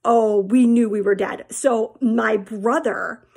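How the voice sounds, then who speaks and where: A woman's voice: on the high side, steady tone, takes it slowly, gravelly, a little mellow, breathy edge. A woman teacher telling her students a personal story in a chatty, candid way and calling them friends.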